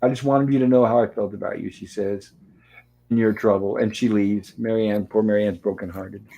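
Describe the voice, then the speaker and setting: A man's voice: lowish voice, steady tone, a little fast, creaky, dark tone, highs cut off. A man hosting a show, casually retelling old TV episodes scene by scene, reading the characters' lines aloud and adding dry asides. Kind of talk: casual recap and commentary.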